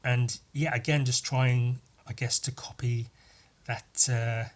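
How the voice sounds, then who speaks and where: A man's voice: mid-range voice, little pitch movement, takes it slowly. Rambling man painting commentary. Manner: rambling, self-deprecating, swears casually, trails off quietly. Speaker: artist narrating his painting process. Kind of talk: casual voice-over commentary.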